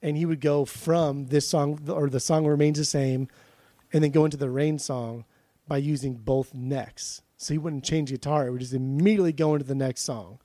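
A man's voice: on the high side, steady tone, normal speed, warm tone, dry recording. A man from Southern California with a Southern Californian accent, chatting casually as a podcast co-host, swearing freely and restarting his sentences. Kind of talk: casual chat.

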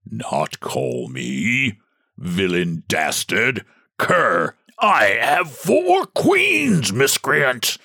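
A man voicing a ferocious old hermit who speaks slowly in deep sepulchral tones and then breaks into shrieks. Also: fairly even intonation, gravelly, darkish tone, dry recording, clean studio sound, heavily acted. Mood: furious. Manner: slow, booming then shrieking.

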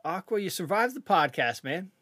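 A man's voice: sits high, very animated, normal speed, bright, forceful tone, no echo. A man hosts a casual podcast conversation, his voice sitting a bit above the usual male range. He mostly reacts in short bursts and poses easy questions. The recording is dry and close. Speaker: podcast host. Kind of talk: casual interview chat.

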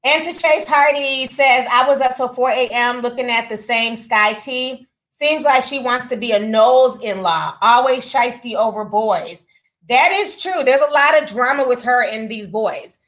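A woman's voice: a little high, moderate pace, a bit bright, low-quality recording. A woman hosting a casual gossip livestream, reading viewer comments aloud with sassy asides and frequent laughs. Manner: chatty, sassy, laughs often, says honey and child. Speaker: livestream host reading super chats.

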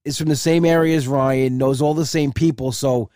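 A man's voice: mid-range voice, steady tone, moderate pace, dark tone, no echo, studio quality. A male comedian telling a story casually and chattily, acting out both sides with repeated "I said".

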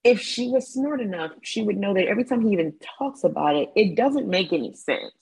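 A woman's voice: mid-range voice, lively intonation, fairly quick, gravelly, a little mellow, slightly rough, rough recording. A woman guesting on a podcast, chatting casually in a blunt, sassy way and often acting out what others said. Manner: sassy, blunt, quotes people in mock voices. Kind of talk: casual chat.

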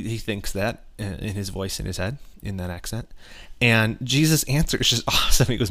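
A man's voice: on the low side, a little fast, fairly bright tone. A man hosting a podcast, teaching from the Bible in an earnest, casual way, often restarting phrases. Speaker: podcast host.

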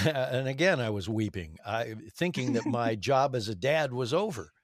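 A man's voice: mid-range voice, expressive, moderate pace, no room sound. Older man, dry voice. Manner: conversational, reflective about family. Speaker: voice actor guest. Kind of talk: casual interview chat.

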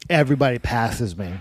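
A man with a medium-pitched voice, recorded dry, tells a long story in casual chat. He rambles, swears, and uses "like" constantly.

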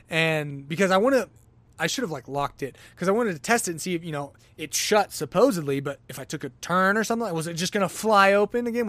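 A man hosting a podcast, telling a long everyday story in a casual, animated way and acting out his own exclamations. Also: on the high side, dry recording. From lives in Denver, Colorado. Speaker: podcast host.

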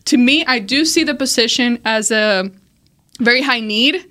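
A woman on a sports podcast panel, giving a measured opinion that weighs both sides. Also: on the high side, pushed and bright. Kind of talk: casual sports talk.

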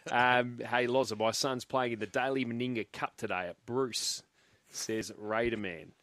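An Australian man hosts a sports radio show in a mid-pitched voice. He reads listener texts briskly and chats easily. The sound is dry and close. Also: fairly even intonation, fairly bright tone, dry recording. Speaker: radio host.

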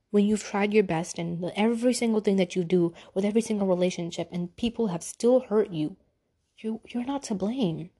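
A woman's voice: medium pitch, mellow. A young woman hosting a personal faith podcast, talking earnestly in casual slang. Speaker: podcast host.

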